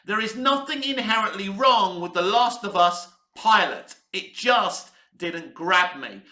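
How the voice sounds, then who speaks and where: A man's voice: high voice, sharp tone, roomy sound. A man giving a blunt, candid TV review to camera, swearing freely. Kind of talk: casual opinionated review to camera. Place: room where he is based, in Cyprus.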